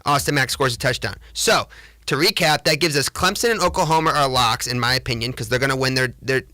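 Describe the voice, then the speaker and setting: A young man hosting a sports podcast, talking casually and excitably with lots of rambling restarts. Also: mid-range voice, a little fast, dry recording. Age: young adult. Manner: chatty, rambling, self-correcting. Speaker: podcast host. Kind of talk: casual solo podcast monologue.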